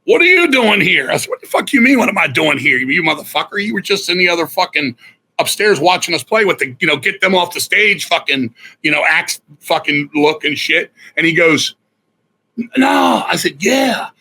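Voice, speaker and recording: Husky, forceful middle-aged man. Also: a little high, a little fast, low-quality recording. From Virginia, USA. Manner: profane, animated storyteller acting out other people's lines. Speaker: guest musician. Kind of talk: casual storytelling interview.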